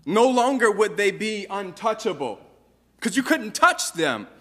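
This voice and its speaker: A man preaching with a slightly higher-pitched voice, posing earnest rhetorical questions to his listeners. His words ring out with a long reverb, as if he is in a large church sanctuary. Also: very animated, a little slow, pushed and bright. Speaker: pastor. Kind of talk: sermon.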